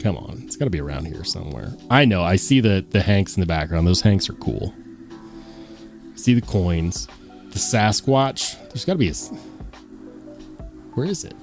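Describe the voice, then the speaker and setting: A man's voice: sits low, sing-song, moderate pace, long pauses, faint music behind. A man hosting a live stream, chatting casually and rambling to his viewers, calling them guys. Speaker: livestream host.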